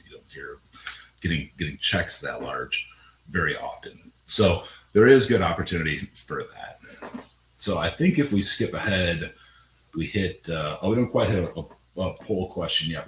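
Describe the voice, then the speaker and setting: A man with a deep voice and a bright, forceful edge, presenting in a conversational way. He stammers and restarts his phrases. His voice comes over a webinar call with a roomy echo and faint background noise. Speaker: webinar presenter on tax credits.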